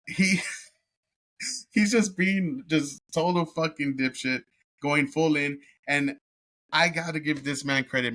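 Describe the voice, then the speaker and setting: A man's voice: mid-range voice, pushed and bright. A man giving a casual, rambling movie review, swearing constantly and laughing as he retells scenes. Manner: profane and rambling, heavy cursing with filler words; amused, laughs while telling the story. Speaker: vlogger reviewing a film.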